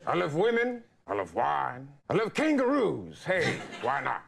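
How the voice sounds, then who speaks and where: A man imitating an intense older male film actor with a raspy, growling, dramatic delivery. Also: on the high side, big pitch swings, measured pace, pitched above the performer's own voice, full character voice. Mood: grand.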